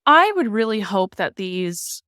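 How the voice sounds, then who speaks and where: Female podcast co-host, middle-pitched, playful and chatty, close dry recording. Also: sing-song, measured pace, sharp tone, clear, resonant tone, dry recording. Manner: chatty, playful, laughs often. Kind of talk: casual podcast chat.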